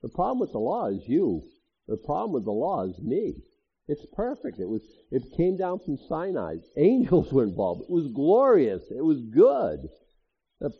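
Male pastor, sermon read, husky voice, animated asides, muffled lo-fi recording. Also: mid-range voice. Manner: conversational, animated preaching with asides. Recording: dull lo-fi audio.

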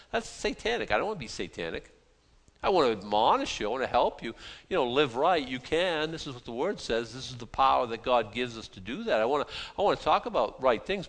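A man's voice: mid-range voice, fairly bright tone. A male pastor preaching a sermon in a conversational, self-deprecating way, often restarting his sentences.

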